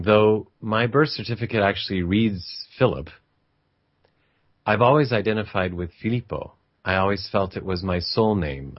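Low-voiced man telling a personal story. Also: no echo, highs cut off. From grew up in an Italian family. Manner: conversational, with restarts and quoted family voices.

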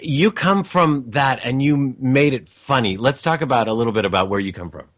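A man's voice: medium pitch, fairly bright tone. A male talk show host from the US West Coast, interviewing a guest with many fillers and restarts. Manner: halting, many fillers and restarts, laughs along. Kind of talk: casual interview.

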